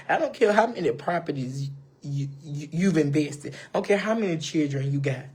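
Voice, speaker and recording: A woman's voice: sits low, darkish tone, breathy edge. A woman in a casual live-stream monologue, speaking straight to her viewers with emphatic, preachy advice, repeating phrases and calling them "baby". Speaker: livestreamer.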